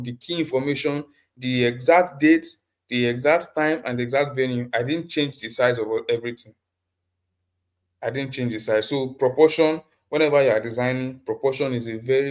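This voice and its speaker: A man's voice: mid-range voice, darkish tone. A man teaching a live online design class over a computer mic, often repeating himself and asking the class questions. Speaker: design instructor.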